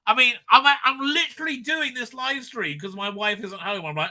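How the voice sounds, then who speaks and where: A man's voice: very high voice, moderate pace, pushed and bright. A man hosting a casual live stream from home, reading out viewer comments, rambling and stammering and laughing often.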